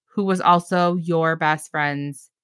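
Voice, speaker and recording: A woman's voice: deep voice, steady tone, slow, a bit bright, clean tone, no echo, clean studio sound. A woman co-hosting a casual podcast, recapping a reality show, chatty and laughing often as she retells scenes.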